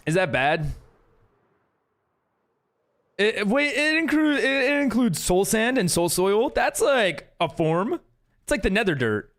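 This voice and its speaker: Animated, chatty male game streamer. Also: high voice, measured pace, long pauses. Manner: chatty, laughing often, reading chat aloud. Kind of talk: casual live stream chat.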